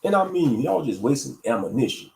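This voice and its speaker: Male livestream host, rambling preachy delivery, mid-pitched voice, echoey room. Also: sing-song, brisk, vocal fry, darkish tone. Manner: preachy, meandering, many fillers. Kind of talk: casual religious livestream talk.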